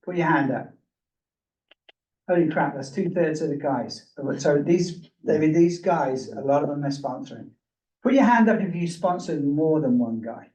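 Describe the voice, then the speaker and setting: A man's voice: on the high side, expressive, normal speed, a little mellow, echoey room, recorded from a distance, poor audio. A man speaking casually to a workshop group, engaging and self-deprecating, asking the audience to raise their hands. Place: meeting room with a live group.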